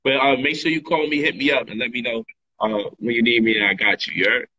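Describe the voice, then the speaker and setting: Husky man on an emphatic livestream. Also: mid-range voice, steady tone, quick pace, pushed and bright, muffled recording. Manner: emphatic, repetitive, slangy. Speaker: livestream host and author. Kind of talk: casual livestream monologue.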